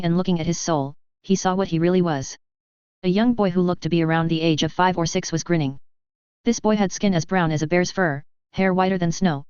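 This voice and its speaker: A steady audiobook narrator reading a fantasy story in an even way. The voice is very smooth and sits at a middle pitch. The recording is dry and a little muffled. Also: no echo.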